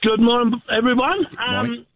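An Australian man calling in to a radio show and telling a lively story, acting out the voices he quotes. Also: very high voice, normal speed. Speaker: caller. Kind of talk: animated storytelling. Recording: tinny phone line.

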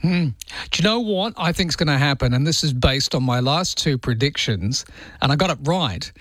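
A man's voice: a little high, animated, moderate pace, a bit bright, no room sound. Aussie radio host guy, chatty and jokey, laughs a lot, dry close studio sound. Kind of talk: talkback radio. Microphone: studio microphone.

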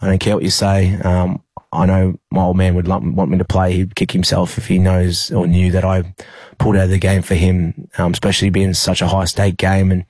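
A young Australian man, a rugby league player, telling a personal story in an interview, halting with many fillers and restarts. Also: sits low, completely flat delivery, a little mellow, slightly rough, no echo.

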